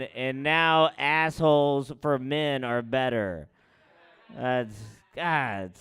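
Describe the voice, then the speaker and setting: A man's voice: mid-range voice, clean tone. Rambling young man telling crude stories. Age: young adult. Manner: rambling, crude, self-mocking, swings loud and quiet. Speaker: stand-up comic. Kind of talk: loose stand-up storytelling.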